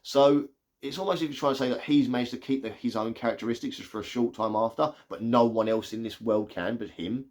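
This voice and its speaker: A man giving a casual, excitable spoiler review of a movie, retelling scenes with lots of "like". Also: mid-range voice, quick pace. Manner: chatty, excitable retelling full of "like".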